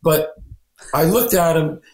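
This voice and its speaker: Man, actor-writer guest, lively storyteller, slightly high voice, roomy echo. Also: slow. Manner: animated anecdotes, acting out quoted voices. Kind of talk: storytelling interview.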